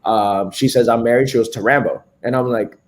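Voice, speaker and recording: A man guest in a casual chat, telling stories and acting out quoted lines, recorded in a quiet room at home. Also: medium pitch, steady tone, brisk. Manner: storytelling, acts out quoted dialogue. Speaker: podcast guest.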